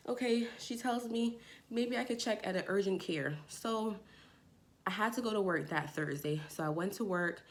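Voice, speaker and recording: A young woman telling a personal story to her camera in a casual, lively way. She jumps into higher voices when she quotes people. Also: normal speed. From Jamaica. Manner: animated, acts out quoted friends in a raised voice. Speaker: vlogger.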